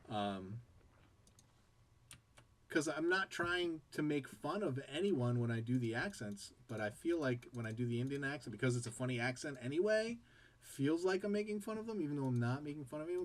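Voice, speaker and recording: A man hosting a casual game commentary show, chatting in a rambling way and jumping between tangents and play-by-play. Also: mid-range voice. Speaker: game caster and show host.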